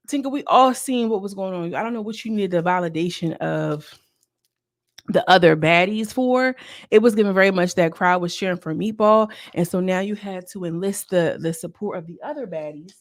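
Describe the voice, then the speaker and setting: A woman recaps a reality episode in a loose, chatty way, throwing in slangy asides to her viewers. Her voice has a gravelly fry and sits at an ordinary pitch. The sound is dry and close. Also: moderate pace, no echo. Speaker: reality TV reviewer. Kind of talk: casual recap commentary.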